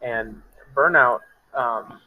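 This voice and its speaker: A man calling in to a podcast, speaking haltingly and searching for words. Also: medium pitch, narrow, tinny audio. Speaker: caller. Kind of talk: casual chat.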